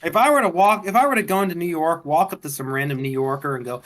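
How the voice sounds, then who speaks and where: A man's voice: fairly high pitch, quick pace, few pauses, fairly bright tone. A man chatting on a game stream, arguing points in a careful, lecturing way. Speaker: streamer co-host. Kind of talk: casual chat while gaming.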